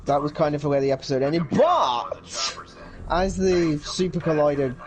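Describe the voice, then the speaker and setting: Animated man chatting casually. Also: on the high side, normal speed. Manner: rambling, laughs often, restarts a lot. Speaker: podcast co-host. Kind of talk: casual chat.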